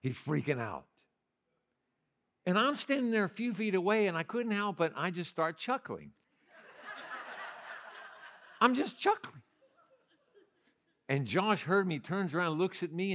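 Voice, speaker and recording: Older man, pastor, preaching, fervent then hushed, high-pitched, bright tone. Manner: swings from loud shouting to soft storytelling. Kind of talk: sermon. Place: church sanctuary.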